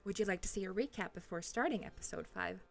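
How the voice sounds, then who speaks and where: A woman's voice: medium pitch, fast talker, gravelly, faint music behind. A young adult woman casually talking through a story game as a streamer, chatty, swearing and laughing often. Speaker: let's play streamer.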